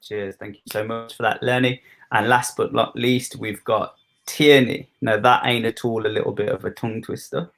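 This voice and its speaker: A man's voice: mid-range voice, fairly even intonation, moderate pace, creaky, a bit bright. A man with a Birmingham accent hosting a university live stream, chatty and jokey. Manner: jokey, informal. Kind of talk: casual chatty presenting.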